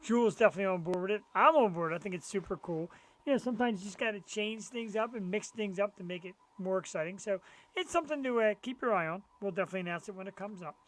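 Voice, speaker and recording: A man's voice: high voice, fast, fairly bright tone. A middle-aged man chats on a live web show as co-host. He talks about his collectible finds in a loose, enthusiastic, conversational way. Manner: chatty, enthusiastic collector talk. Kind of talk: casual live-show chat.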